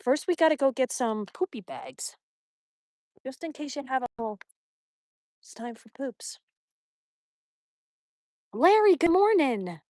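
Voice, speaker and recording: Woman, somewhat high voice, dry close sound, chatty live-stream host, outdoors on a phone, coos at her dog. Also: sing-song, measured pace, pauses often, dark tone, dry recording. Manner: reads viewer comments aloud and baby-talks to her dog. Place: outdoors at a mountain park.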